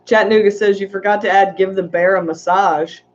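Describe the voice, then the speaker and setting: A woman's voice: mid-range voice, steady tone, a little fast, lo-fi sound. A woman hosting a casual livestream, chatting in a rambling way and reading viewer comments aloud. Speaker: aquarium channel host.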